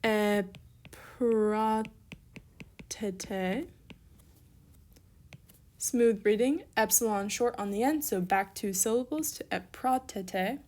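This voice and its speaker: Young woman with a fairly high voice, upbeat teacher walking through examples, corrects herself and moves on. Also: moderate pace, hardly any pauses, mellow. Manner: upbeat, encouraging, talks through worked examples; self-correcting, casual asides. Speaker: Greek language teacher. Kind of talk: recorded online lesson.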